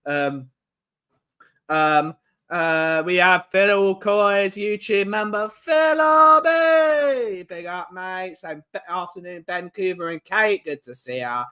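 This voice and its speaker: A man's voice: high-pitched, takes it slowly, sharp tone, clean tone. A man hosting a casual live-stream chat from home, greeting viewers in the chat one by one. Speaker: livestream host.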